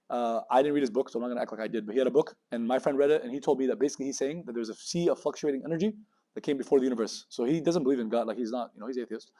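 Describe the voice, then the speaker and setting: A man in his thirties gives a religious talk to students, with words tumbling out at a very fast clip. His voice has a warm, mellow tone, and he jumps into little acted-out voices for the people in his examples. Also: mid-range voice. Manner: talks very fast, acts out voices in his stories. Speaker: Muslim speaker giving a campus talk. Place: university lecture room.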